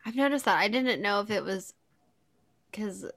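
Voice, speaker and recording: Giggly woman podcaster, lively pitch. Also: moderate pace, no room sound. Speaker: podcast co-host. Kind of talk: casual chat. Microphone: remote call.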